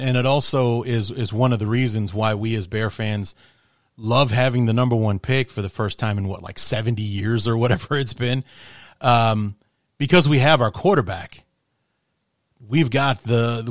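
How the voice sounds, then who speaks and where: A man's voice: fairly low pitch, fairly even intonation, normal speed, no room sound. Male host, casual sports chat, restarts often, dry close mic. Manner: rambling, with many restarts and laughs. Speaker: podcast host.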